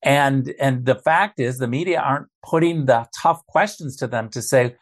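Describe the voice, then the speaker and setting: A man's voice: medium pitch, moderate pace, hardly any pauses. Emphatic man arguing politics. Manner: forceful, emphatic, repeats key phrases. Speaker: political commentator guest. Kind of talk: political talk show interview.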